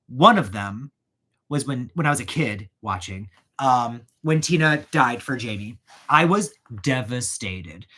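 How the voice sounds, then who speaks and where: A man hosting his own channel, chatting casually while wrapping gifts, animated and prone to going off on rants and tangents. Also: on the high side. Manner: animated, ranting, goes off on tangents. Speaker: channel host.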